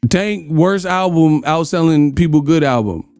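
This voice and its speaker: A man's voice: a little high, measured pace, a little mellow, no room sound, soft background music. A man hosting a casual boxing live stream, talking trash in loose slang and laughing at his chat. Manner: loose slangy trash talk, laughing, breaking into sung bits. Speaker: boxing commentary host.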